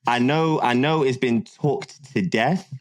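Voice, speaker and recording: A man's voice: medium pitch, slow, slight background noise. A man who makes car content, a guest on a podcast, chatting casually with lots of slang and frequent laughter. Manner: animated, laughs often, slangy.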